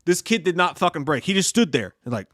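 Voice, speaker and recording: This is a US podcast co-host on a casual live stream, reading viewer messages and swearing a lot as he tells animated stories. His pitch sits on the high side, his tone is fairly bright, and his delivery is very animated and quick. The sound is clean studio audio with no echo.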